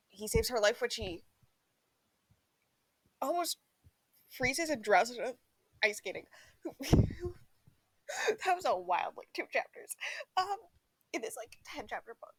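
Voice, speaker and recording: A woman's voice: a little high, lively intonation, husky, dry recording. Chatty young woman rambling about books. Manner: rambling, filler-heavy, laughs often, breaks into quick acted quotes. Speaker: book vlogger. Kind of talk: casual book review chat.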